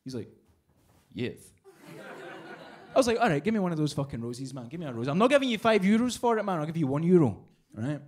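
A man's voice: on the high side, sing-song, rapid-fire, hardly any pauses, a little mellow. A Scottish man doing a profane stand-up set in a small bar, telling a story and acting out its voices. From Scotland. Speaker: stand-up comedian. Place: small bar with live audience.

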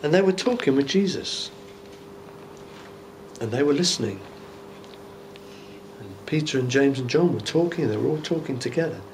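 A man's voice: medium pitch, lively intonation, normal speed, pauses often, slight background noise. Man giving a chatty Bible teaching. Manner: conversational and musing, with rhetorical asides. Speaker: bishop preaching. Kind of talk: informal Bible teaching sermon. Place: church.

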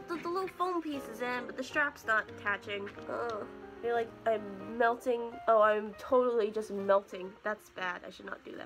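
A young woman chatting casually in her bedroom, rambling and poking fun at herself as she films on a phone. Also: a little high. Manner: chatty, rambling, self-mocking. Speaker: vlogger. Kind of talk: casual vlog chat.

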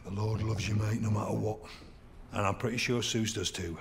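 An actor playing a warm, pious Scottish oil rig worker who teases his mates with folksy sayings. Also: on the low side, steady tone, a little fast, creaky, a little hiss or hum. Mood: kindly.

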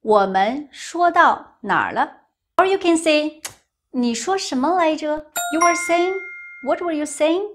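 A woman teaching a language lesson, saying each phrase, explaining it simply and repeating it slowly. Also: sits high, lively intonation. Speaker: Chinese teacher.

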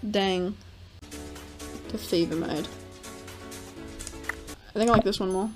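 Slow-talking excitable woman streamer. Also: mid-range voice. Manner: excitable, swears and laughs a lot. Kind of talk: casual gameplay commentary. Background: game music.

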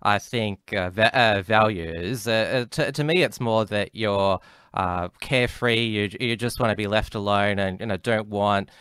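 A male podcast host introduces a guest and questions him. His voice is smooth and a little low, recorded dry and close, with a hesitant, uh-filled way of phrasing questions. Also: a little slow, fairly bright tone, no room sound. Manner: hesitant, many uhs when asking. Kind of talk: interview hosting.

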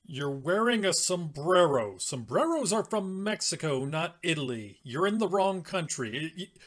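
Sketch comedy: woman voicing a fussy, correcting partygoer, low voice with lively swings. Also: moderate pace. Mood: pedantic. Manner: pedantic, correcting. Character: party guest dressed as a wizard, pedantic.

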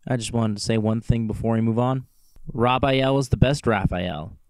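A man's voice: lowish voice, brisk, warm tone, dry recording, clean studio sound. A man co-hosting a podcast in casual chat, an enthusiastic fan who rambles and corrects himself mid-sentence. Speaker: podcast co-host.

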